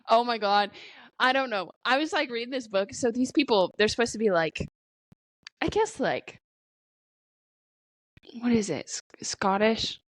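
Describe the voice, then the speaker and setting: A woman's voice: fairly high pitch, expressive, unhurried, pauses often, dry recording, clean studio sound. A woman co-hosting a podcast in casual chat, rambling and swearing freely with lots of fillers. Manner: rambling, profane, peppered with "like". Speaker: podcast co-host.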